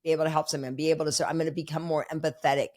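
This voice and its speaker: A middle-aged woman talking as a podcast guest, animated and emphatic, with many fillers. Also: deep voice, rapid-fire. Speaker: podcast guest, speaker and coach. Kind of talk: conversational interview.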